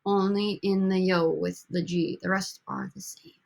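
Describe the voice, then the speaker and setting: A woman's voice: medium pitch, level tone, unhurried, gravelly, darkish tone. A woman teaching a recorded language lesson over slides, upbeat and coaxing as she drills students with prompts. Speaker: Spanish teacher.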